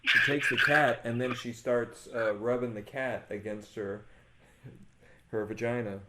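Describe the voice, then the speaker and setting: A man's voice: mid-range voice, fairly even intonation, measured pace. Man chatting over clicking noise. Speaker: podcast co-host. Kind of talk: casual chat.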